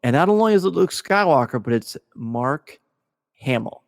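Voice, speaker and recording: Excitable man hosting a podcast. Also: medium pitch, normal speed, creaky, no echo, studio quality, long reverb tail. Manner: excitable, gushing storyteller. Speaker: podcast host. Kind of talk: casual podcast discussion.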